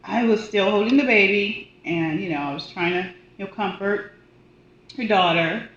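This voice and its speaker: A woman who works as a hospice volunteer and death doula, telling a personal story in a casual, animated way. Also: mid-range voice, normal speed. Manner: animated, acts out quoted voices. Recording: roomy, dull audio with faint noise.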